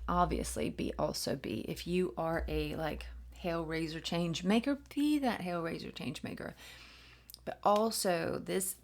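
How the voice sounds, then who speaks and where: A woman giving a channeled spiritual reading, playful and giggly, often dropping into soft whispers. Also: fairly low pitch, gravelly. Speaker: spiritual reader.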